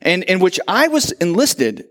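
A man's voice: high-pitched, unhurried. A man preaching a sermon, telling stories animatedly and acting out the quotes. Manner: animated storytelling with acted-out quotes. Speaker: pastor.

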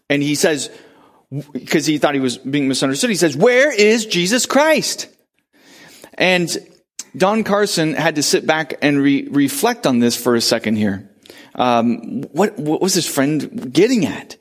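A male pastor preaching a sermon, telling a story with pauses and restarts, then rising to urgent questions for the congregation. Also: fairly high pitch. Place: church.

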